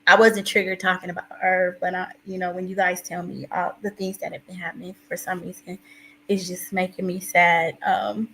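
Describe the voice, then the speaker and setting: A woman's voice: on the low side, flat delivery, moderate pace, bright, forceful tone, slight background noise, poor audio. A woman hosting a casual live stream, reading out viewers' chat messages. She talks emotionally in rambling restarts and calls herself a crier.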